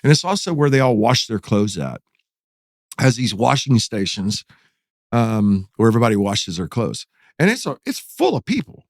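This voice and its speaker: A pastor recounts a story on a podcast, his pitch swinging high and low as he acts out what others said. The sound is dry and close, with no room around him. He talks in a lively, storytelling way. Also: no echo. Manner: animated, acts out quotes with rising pitch.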